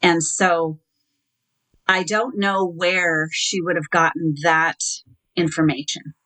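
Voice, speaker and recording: A middle-aged woman tells her story at an even, measured pace. Her voice sits on the lower side for a woman, and she often pauses on small fillers before she acts out what was said. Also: low-quality recording. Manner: measured, recounting with quoted dialogue and hesitant fillers. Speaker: interview guest. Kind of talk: telling her own story in an interview.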